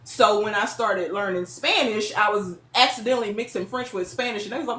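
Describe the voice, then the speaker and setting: A woman, telling stories as a guest in a casual interview, lively and quick to laugh. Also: mid-range voice, a little hiss or hum. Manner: lively, laughing, chatty storyteller. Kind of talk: casual storytelling. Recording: echoey room with faint ambience.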